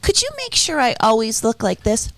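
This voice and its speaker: A woman on a talk-show panel, answering teasing with dry, deadpan retorts. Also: a little high, moderate pace, no room sound. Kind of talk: casual chat.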